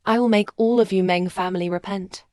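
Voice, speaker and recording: A woman voicing a wronged young wife who speaks indignantly and forcefully. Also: mid-range voice, steady tone, a little fast, no echo, studio quality, close to an everyday voice. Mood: resolute.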